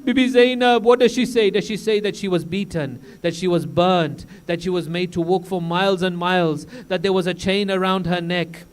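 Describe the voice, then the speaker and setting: Male preacher with a high, clean voice. Solemn mourning storytelling that swells into impassioned cries. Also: steady tone, normal speed, hardly any pauses, clean tone. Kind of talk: sermon.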